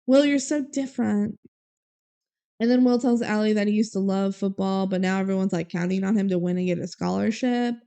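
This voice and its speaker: A woman's voice: medium pitch, fairly even intonation, fast, creaky, few pauses, mellow, clear, resonant tone. A young woman co-hosting a podcast, casually recapping a movie with frequent laughter. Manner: bubbly, laughs often, quotes characters. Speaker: podcast co-host.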